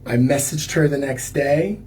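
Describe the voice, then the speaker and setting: A man's voice: medium pitch, measured pace, darkish tone, a little hiss or hum. A man, a singer-songwriter, telling a personal story on a livestream in a loose, rambling way, full of filler words and restarts.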